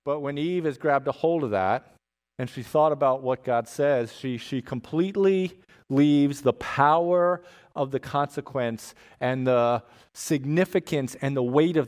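A man preaching a sermon as a pastor, conversational and animated, often checking in with "right?" and dropping humorous asides. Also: medium pitch. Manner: animated emphasis with asides and jokes.

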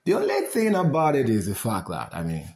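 Animated middle-aged Nigerian man, mocking. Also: medium pitch, brisk, vocal fry. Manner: mocking, animated, laughs while talking. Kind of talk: casual rant in pidgin and English.

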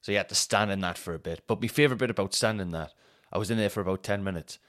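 Male podcast host, lowish voice, rambling sweary anecdotes that he laughs through. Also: very fast, a bit bright. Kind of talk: casual storytelling monologue.

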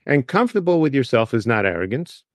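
A man's voice: medium pitch, sing-song, fast talker, dry recording, clean studio sound. Chatty man guest prone to tangents. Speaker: author guest. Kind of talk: casual interview chat.

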